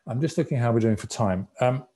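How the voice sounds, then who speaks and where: A man in his sixties giving an anecdotal public talk as a former broadcasting executive, telling stories in a relaxed, conversational way. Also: medium pitch, a little fast. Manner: conversational storyteller, relaxed and reflective.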